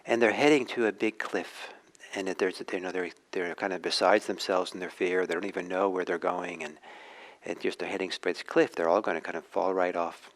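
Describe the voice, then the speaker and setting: Male dharma teacher, storyteller, deep voice, gentle and unhurried. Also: lively intonation, gravelly, low-quality recording. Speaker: meditation teacher.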